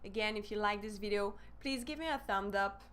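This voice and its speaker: A woman's voice: medium pitch, a little fast, a bit bright, clear, resonant tone. A woman with a French accent, teaching a live online language lesson and spelling words out letter by letter.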